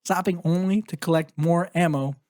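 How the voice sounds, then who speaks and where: A man's voice: on the high side, fairly even intonation, moderate pace, a little mellow, no echo, studio quality. A man co-hosting a casual podcast, reading a story aloud and then teasing his co-host in joking banter. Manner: reads a story aloud, then teases and jokes. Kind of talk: casual chat.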